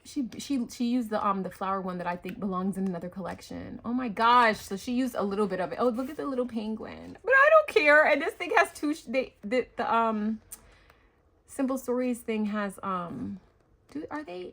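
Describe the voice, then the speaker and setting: A woman hosting a craft vlog, unboxing happy mail with excited gasps and gushing chatter. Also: medium pitch, normal speed, gravelly. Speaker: craft channel host.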